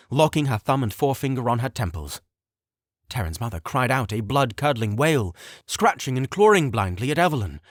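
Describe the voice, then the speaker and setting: Expressive male audiobook narrator. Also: mid-range voice, no room sound, studio quality. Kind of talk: scripted narration.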